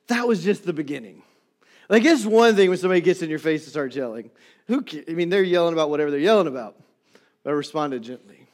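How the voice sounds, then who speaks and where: A middle-aged man preaching a sermon as pastor in a church, telling stories and swinging from emphatic loud lines to soft, quiet ones. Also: high-pitched. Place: church sanctuary.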